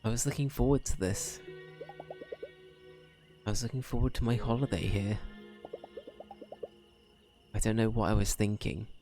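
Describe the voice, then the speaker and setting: A man quietly reading a weary, doubtful adventurer. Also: fairly low pitch, moderate pace, long pauses, faint music behind, lightly acted. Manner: quiet, subdued reading of game dialogue. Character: weary first-time adventurer, anxious and doubtful. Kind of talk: reading game dialogue aloud.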